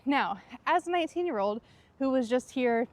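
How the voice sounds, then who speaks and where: A woman's voice: sits high, animated, normal speed, a little hiss or hum. A woman travel vlogger recounting a past trip in an easygoing, personal way. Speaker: travel vlog host. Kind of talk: personal storytelling to camera.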